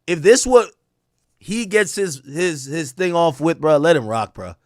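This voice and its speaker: A young man streaming live, trash-talking basketball players in a loud, profane, excitable way, his voice jumping up and down. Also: unhurried, no echo, studio quality. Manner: loud, profane trash talk with sudden jumps in pitch and volume. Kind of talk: casual live-stream commentary reacting to chat and posts.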